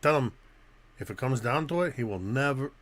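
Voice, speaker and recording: A man's voice: medium pitch, lively intonation, a little fast, fairly bright tone, lightly acted. A man voicing a wary male bear in an animal mafia, picking up a mobster accent in a tabletop role-play.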